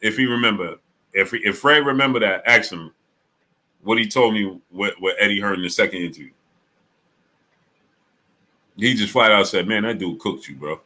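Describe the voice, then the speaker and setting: A man talks to his live-stream audience in a bright, forceful voice with speech. He tells stories with energy, acting out what his friend said, then greets viewers in the chat one by one. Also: on the low side, moderate pace, long pauses. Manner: animated storytelling, acts out friend's quotes. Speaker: sports channel host.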